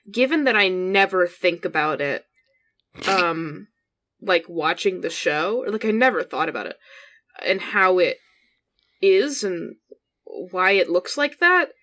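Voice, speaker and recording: Podcast lady cohost, bright voice, teasing jokey chat. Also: medium pitch. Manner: wry, teasing, giggly. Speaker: podcast co-host. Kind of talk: casual chat.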